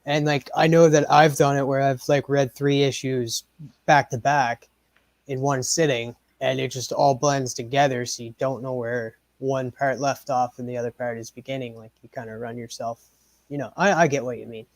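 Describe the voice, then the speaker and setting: A man's voice: medium pitch, fairly even intonation, moderate pace, no room sound. A man co-hosting a casual comic book talk show, easygoing and laughing along. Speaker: co-host. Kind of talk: casual chat.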